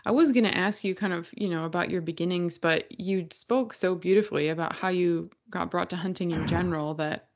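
Woman host, kinda low voice, lots of ums, muffled sound. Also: fairly quick, few pauses. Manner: hesitant, filler-heavy questioning. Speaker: podcast host. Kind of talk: casual interview.

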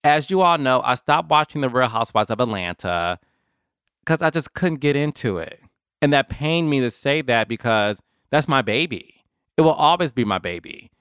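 A man's voice: medium pitch, moderate pace, clear, resonant tone, dry recording, clean studio sound. A man hosting his own podcast, talking casually and animatedly straight to his listeners. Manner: chatty, animated, addresses listeners as y'all. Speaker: podcast host. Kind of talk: casual solo commentary.

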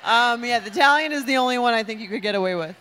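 A woman's voice: fairly high pitch, very fast, a bit bright, a little hiss or hum. A woman co-hosting a live comedy show, giving wry opinions with a laugh. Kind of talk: live comedy panel banter.

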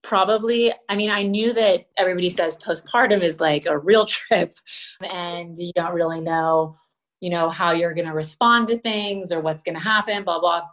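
Effusive pregnant woman, low voice. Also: moderate pace, a bit bright. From Los Angeles, USA. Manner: effusive, acts out quoted exchanges. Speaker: guest. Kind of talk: casual chat.

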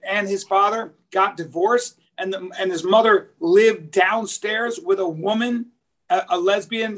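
High-voiced, profane male storyteller. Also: fairly bright tone. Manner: profane, rambling storyteller who acts out quotes. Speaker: podcast co-host. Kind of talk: casual comedy podcast storytelling.

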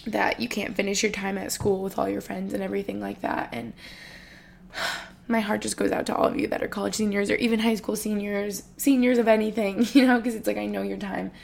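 A woman's voice: medium pitch, little pitch movement, brisk, creaky. A woman in her twenties talking casually and emotionally to her vlog viewers, filling her talk with "like". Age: 20s. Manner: chatty and emotional, lots of "like". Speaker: vlogger.

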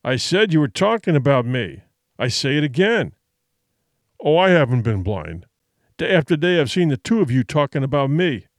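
This is a resentful, hoarse old-school sea captain, put on by a male narrator. He is loud and accusing, with a snarl and a lively, uneven pitch. The recording is dry and close, like an audiobook. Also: normal speed, no echo. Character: hoarse, drunken, resentful ship captain, man.

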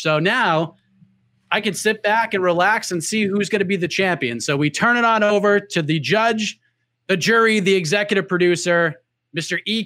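A man hosting a game-show style podcast, energetic and announcer-like. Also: high voice. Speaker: host.

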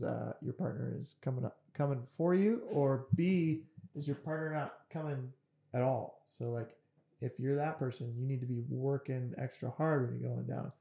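Man, podcast guest, jokey advice, middle pitch, roomy echo. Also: vocal fry, dark tone. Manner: jokey, coach-like advice giving. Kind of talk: casual chat. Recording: echoey room.

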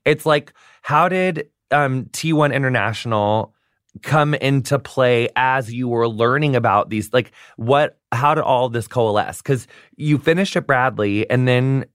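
A podcast host interviewing a guest in a casual, effusive, gushing way. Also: male voice, mid-range voice, measured pace, clear, resonant tone, dry recording, clean studio sound.

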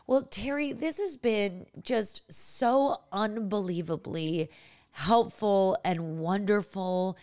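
A woman's voice: mid-range voice, slow pace, darkish tone. A young adult woman hosting a podcast interview, chatting casually and gushing, with frequent restarts and fillers. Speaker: podcast host.

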